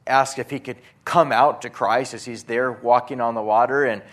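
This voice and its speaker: A man preaching a sermon in an earnest, halting way, with frequent restarts, reading scripture aloud. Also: mid-range voice, steady tone, fairly bright tone. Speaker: pastor.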